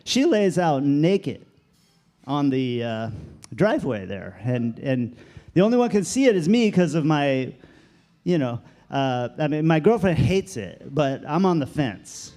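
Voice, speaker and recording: Male open-mic comic, slightly high voice, meandering and halting. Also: sing-song, dark tone. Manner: rambling, hesitant, many fillers. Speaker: stand-up comic.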